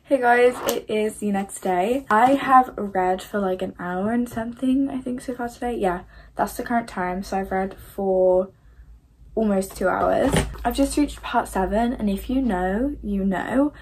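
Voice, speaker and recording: A woman's voice: mid-range voice, unhurried, darkish tone, slight background noise. A young woman vlogging about her reading, talking casually and emotionally, sometimes close to tears. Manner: emotional, gushing, tearful at times. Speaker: book vlogger.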